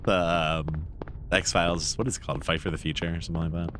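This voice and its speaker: Low-voiced dude streaming a horror game, rambly, swears, noisy mic. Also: male voice, little pitch movement, quick pace. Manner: rambling, swears casually, trails off mid-sentence. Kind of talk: casual gameplay commentary.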